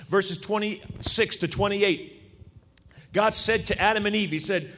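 A man preaching a sermon, telling stories with acted-out quotes and a lively, punchy delivery. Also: high voice. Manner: animated storytelling with acted quotes. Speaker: pastor.

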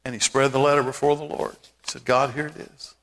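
A man preaching a sermon as pastor, emphatic, with repeated calls and rising shouts. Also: mid-range voice, flat delivery, a little fast, long reverb tail.

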